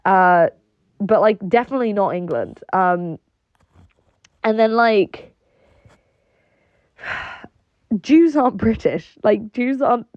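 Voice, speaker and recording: A woman's voice: mid-range voice, no room sound. A young woman ranting in a casual monologue, rambling and sarcastic with lots of fillers and swearing. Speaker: online personality. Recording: dull lo-fi dry recording.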